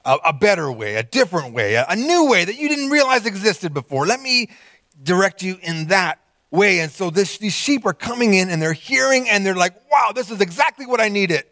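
A male pastor delivers an animated, conversational sermon, voicing the people he quotes and slipping in small laughs. His voice is high and brisk, and there's no echo.

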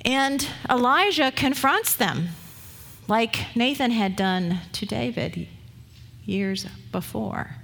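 A woman's voice: fairly high pitch, lively intonation, takes it slowly, gravelly, a bit bright. A woman pastor preaching a sermon, retelling scripture stories in a conversational, storytelling way.

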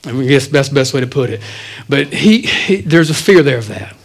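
A man, the pastor, preaching a sermon in a church, swinging between loud, animated stretches and quiet asides. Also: medium pitch, a little fast, low-quality recording.

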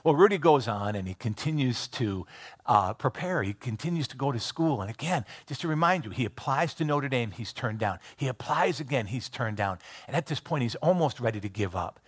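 A man's voice: medium pitch, lively intonation, brisk, breathy edge. A man giving a sermon, retelling a film scene by scene in a conversational way, with frequent restarts and filler words. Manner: retells a film scene by scene, briefly voicing its characters. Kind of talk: sermon storytelling.

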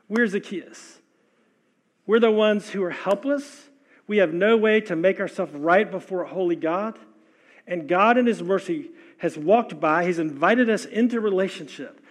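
An older man delivers a sermon as pastor, with a voice that sits high for a man. He preaches with passion, rising to loud exhortations and dropping to hushed, soft lines. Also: moderate pace. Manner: impassioned preaching with sudden loud and soft swings.

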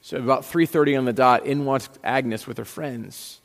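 A male pastor preaching in a church sanctuary, his voice ringing out in the hall's long reverb. He tells a story and acts out its dialogue, with restarts and repeated words. His pitch sits at a middle level. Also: moderate pace. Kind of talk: sermon storytelling.

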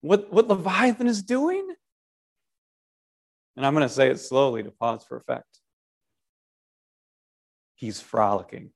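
A man giving a short devotional sermon in an animated, conversational way, often restarting his sentences and asking the listener rhetorical questions. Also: a little high, normal speed, gravelly, pauses often. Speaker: preacher.

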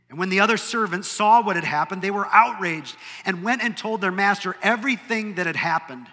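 A man preaching a sermon to a room, with dynamic delivery that swings between loud emphasis and hushed moments. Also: a little high, moderate pace. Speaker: pastor. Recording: long hall reverb.

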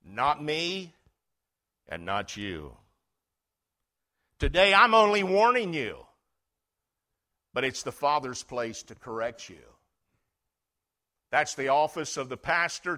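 A middle-aged male pastor preaching a folksy sermon, telling stories and swinging from loud emphasis to hushed tones. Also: medium pitch, animated, slow, long pauses.

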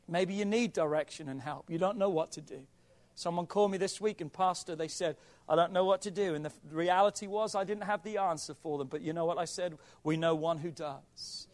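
A man with a high voice preaching a fervent sermon as a pastor. He presses his listeners hard, swinging from near shouts to soft, hushed stretches. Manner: urging, rising to near shouts then dropping to a hushed whisper.

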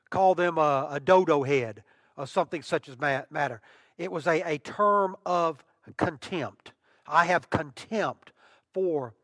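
A man preaching a sermon as pastor, emphatic, with long pauses and rising intensity. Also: sits high, a bit bright, long reverb tail.

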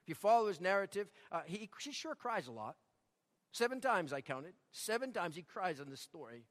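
A man's voice: very high voice, pushed and bright, long reverb tail. A man preaching a sermon, telling stories and repeating key lines for emphasis. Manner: storytelling with emphatic repetition. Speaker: pastor.

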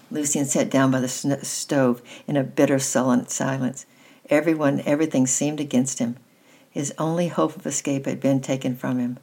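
A woman reading a children's novel aloud in a steady, gentle storytelling manner, with a husky voice. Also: rumbling low. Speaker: reader.

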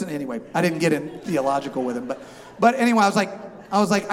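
A man delivers a humorous sermon as a pastor, acting out a haggle with lively back-and-forth voices. His voice sits slightly high. The sound carries a long reverb, as in a large church. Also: brisk, creaky. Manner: animated, acts out both sides of a haggle.

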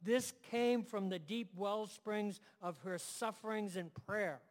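A man's voice: high voice, slow, long reverb tail. A man preaching a sermon to a room and online audience, emphatic, building phrases in repeated lists.

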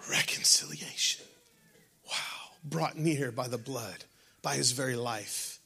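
A male pastor preaching a sermon, swinging from shouted passages to hushed, breathy tones. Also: medium pitch, a little slow.

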